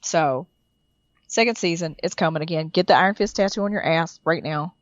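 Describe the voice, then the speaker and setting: A woman co-hosting a casual podcast while sick, her voice deeper than usual, rambling and often restarting her sentences. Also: brisk, no echo, dull audio. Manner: rambling, self-interrupting, laughing. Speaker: podcast co-host. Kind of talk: casual chat.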